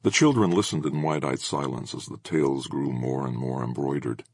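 A man narrating an audiobook with expressive storytelling. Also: very deep voice, normal speed, gravelly, husky, no echo.

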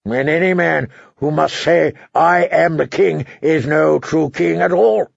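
A man voicing a cold, commanding older lord, speaking in a slow, measured, authoritative way on a dull, dry recording. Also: a little high, vocal fry, slightly rough, dry recording, exaggerated voice.

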